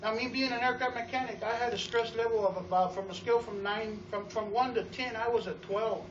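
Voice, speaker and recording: Man, high voice, testimonial speech, energetic, acts out quotes, repeats words, distant, roomy, dull recording. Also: fairly quick, a little hiss or hum. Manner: energetic, storytelling with acted-out quotes. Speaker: water store owner giving a testimonial.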